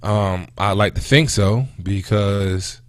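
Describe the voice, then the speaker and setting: A man in his thirties hosting a casual talk show, venting in an animated, indignant way about an everyday run-in and then moving on to other topics. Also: slow, smooth, dry recording. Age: 30s. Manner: animated and indignant, with pitch jumping when quoting and venting. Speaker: host. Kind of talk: casual talk radio monologue.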